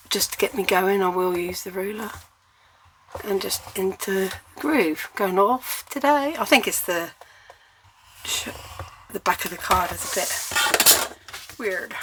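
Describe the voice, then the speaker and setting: A woman's voice: fairly low pitch, pushed and bright, slight background noise. An English woman giving a chatty, step-by-step cardmaking tutorial while she works at her crafting table.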